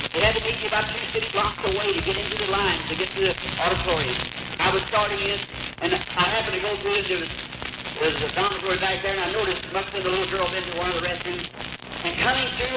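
Preacher, male, high voice, emotional folksy testimony with sudden soaring peaks; muffled old echoey recording over loud rain. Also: very noisy. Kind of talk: sermon testimony storytelling.

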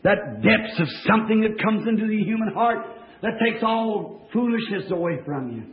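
A man preaching a fervent revival sermon to a church congregation, in folksy plain-spoken speech that swings from hushed tones to shouting. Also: sits high, lively intonation, normal speed. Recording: echoey, dull old church tape.

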